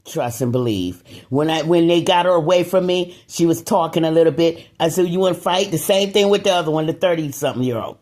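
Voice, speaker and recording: A woman's voice: brisk, hardly any pauses. Woman vlogger, talking straight to camera, gets riled up and emphatic, leans on repetition. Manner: excitable, emphatic, swings between low muttering and raised outbursts; repeats words for emphasis. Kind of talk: casual monologue to camera.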